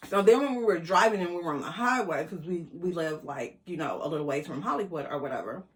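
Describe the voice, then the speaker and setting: Animated woman telling a story. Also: lowish voice, quick pace. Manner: animated, quotes people in voices, laughs. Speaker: vlogger. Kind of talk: casual storytelling.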